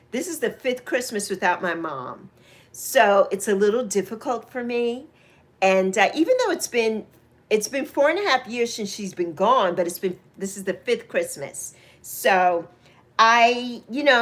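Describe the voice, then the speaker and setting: A woman in her sixties hosting a casual livestream chat. She greets viewers by name, speaks openly about her feelings, laughs easily and swoops up into excited highs. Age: 60s. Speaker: livestream host.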